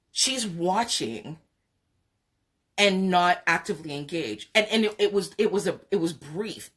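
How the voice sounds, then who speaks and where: A woman hosting a live podcast, telling a personal story in a frank, chatty way. Her voice sits a little low for a woman. She laughs often and trails into drawn-out pauses. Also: a bit bright. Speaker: podcast host. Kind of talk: candid storytelling on a live stream.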